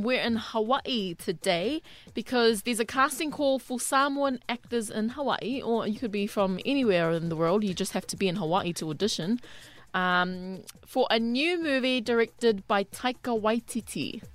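A woman's voice: medium pitch, unhurried, fairly bright tone. A woman co-hosting a casual radio chat in a studio, talking with frequent fillers. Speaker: radio co-host.

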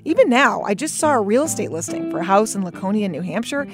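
A woman's voice: mid-range voice, sing-song, fast, music in the background. A woman narrates a documentary story from a script. Her delivery is conversational with dry asides. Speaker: podcast host and narrator.

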